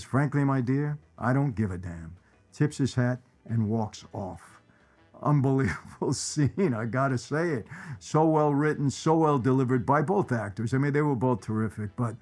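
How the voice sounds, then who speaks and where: A man's voice: mid-range voice, a little mellow. A man hosting his own channel, chatting casually about favorite movie lines in a rambling way, repeating phrases for emphasis. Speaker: channel host. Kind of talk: casual movie commentary to viewers.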